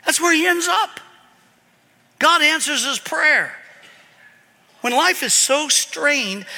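A man with a very high, piercing bright voice preaches a sermon, animated and swinging between loud emphasis and quiet asides. His voice rings with a long hall reverb. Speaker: pastor.

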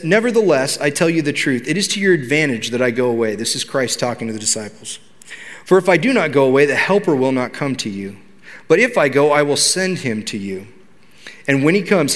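A man preaching a sermon to his congregation in a conversational way, asking them questions. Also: medium pitch. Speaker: pastor. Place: church hall. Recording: long hall reverb.

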